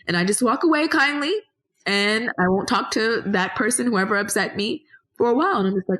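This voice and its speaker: A woman's voice: fairly high pitch, brisk, a bit bright. Earnest woman talking in loose, meandering answers. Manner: earnest, meandering with frequent restarts; rises animatedly when making a point. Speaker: podcast guest. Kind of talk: conversational interview answers.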